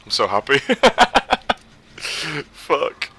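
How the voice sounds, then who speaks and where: A man's voice: medium pitch, drawn-out words, slightly rough. Guy streaming a game, talks to himself a lot, voice jumps all over the place. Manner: excitable, swings from muttering to shrieking. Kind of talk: live gameplay commentary.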